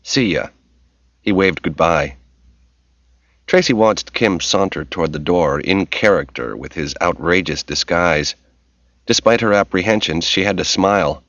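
A man narrating an audiobook in a steady, measured reading voice. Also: low voice, no room sound. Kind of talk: scripted narration. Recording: dull lo-fi recording.

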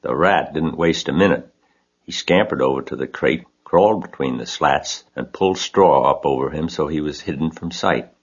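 A man reads a children's story aloud in a steady, gentle way. His voice is very deep with a husky grain. The recording sounds dull and lo-fi. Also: moderate pace. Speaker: narrator. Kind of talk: audiobook reading.

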